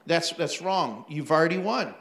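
Animated pastor preaching in an echoey hall. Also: male voice, on the high side, moderate pace. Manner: animated storytelling with laughs and acted-out asides. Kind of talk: sermon.

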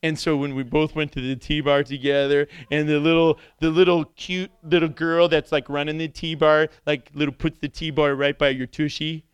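A middle-aged man preaching a sermon with animated storytelling, jumping into sudden impressions. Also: a little high, moderate pace, few pauses, clean tone, no echo. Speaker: pastor.

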